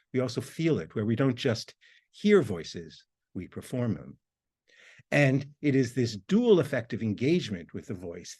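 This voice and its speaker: A man, a university lecturer, reading a prepared academic talk in a measured, formal way. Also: mid-range voice, darkish tone.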